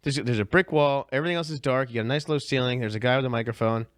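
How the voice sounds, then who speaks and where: A man's voice: medium pitch, racing, no echo, clean studio sound. A man, a stand-up comedian co-hosting a podcast, chiming in with emphatic, profane riffs in casual chat. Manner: animated and emphatic, swears, chimes in over his co-host.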